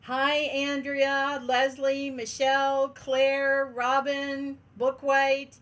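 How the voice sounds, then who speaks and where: A high-pitched woman chats on a casual livestream from her den at home. She is bubbly, laughs often and greets viewers one by one. She talks in a slow, unhurried way. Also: steady tone, fairly bright tone. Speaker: livestream host.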